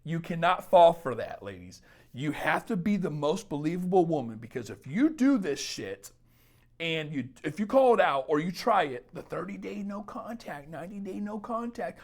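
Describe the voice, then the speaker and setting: A man's voice: fairly high pitch, sing-song, moderate pace, a little mellow. A man talking straight to camera as a dating coach, giving blunt, emphatic advice and swearing freely. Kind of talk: casual advice monologue.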